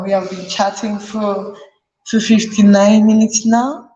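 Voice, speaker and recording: A woman's voice: medium pitch, steady tone, unhurried, dark tone, muffled recording. A woman hosting a live parenting chat, earnestly advising parents and repeating her key points. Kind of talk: live talk to an audience. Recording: echoey room with long reverb.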